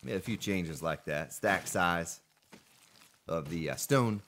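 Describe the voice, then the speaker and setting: Low-voiced man chatting while gaming. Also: expressive, takes it slowly, a bit bright, slight background noise. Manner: chatty, talks to chat viewers by name. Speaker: game streamer. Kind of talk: casual gameplay commentary.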